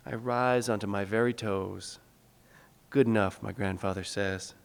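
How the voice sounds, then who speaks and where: A man's voice: fairly low pitch, steady tone, creaky. Man reading poetry in a reverberant hall. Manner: measured, rhythmic reading. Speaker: guest lecturer and poet. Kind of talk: public lecture with poetry reading. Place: lecture hall.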